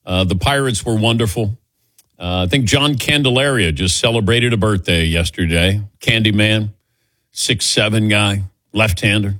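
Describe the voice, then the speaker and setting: A man in his sixties hosting a sports call-in radio show, chatty and quick to laugh as he takes callers. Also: lowish voice, a bit bright, no echo, clean studio sound. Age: 60s. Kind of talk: casual call-in radio chat.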